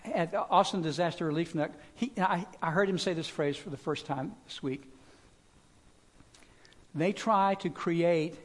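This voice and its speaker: A man's voice: a little high, measured pace. A man preaching a sermon as pastor, talking in a conversational way with fillers and repeated words.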